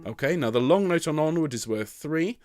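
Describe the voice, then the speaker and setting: A man's voice: fairly high pitch, expressive, a little fast, darkish tone, faint music behind. A man leading a tenor choir rehearsal online, explaining notes and counting the singers in, encouraging. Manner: encouraging, counts in and sings phrases as examples.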